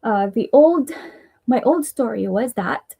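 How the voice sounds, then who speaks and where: A woman with a Filipino accent talks on a casual live stream, pitched a little high but with a mellow, warm tone. She speaks earnestly and chattily, sharing personal affirmations and rambling a bit with restarts and soft laughs. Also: animated, takes it slowly, gravelly, slightly rough, low-quality recording. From Philippines.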